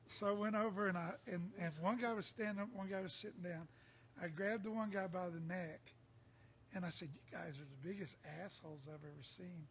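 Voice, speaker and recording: A man, telling a lively bar story in a casual chat and acting out the people he quotes. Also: high voice, slight background noise. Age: 60s. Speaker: songwriter guest.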